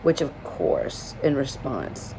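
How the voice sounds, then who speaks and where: A woman's voice: rumbling low, very animated, slow, dark tone, a little hiss or hum. A woman from Alabama casually telling a personal story to camera, emotional and rambling, with many "like" fillers.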